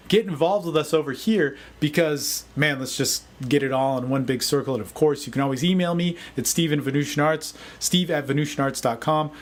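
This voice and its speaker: A man giving a casual, energetic motivational talk as a dating coach, often saying "man". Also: a little high. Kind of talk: casual video talk answering a forum question.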